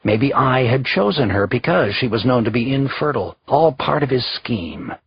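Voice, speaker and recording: A man reading a historical thriller audiobook in a steady, measured narration. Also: medium pitch, husky, muffled recording. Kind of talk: scripted narration.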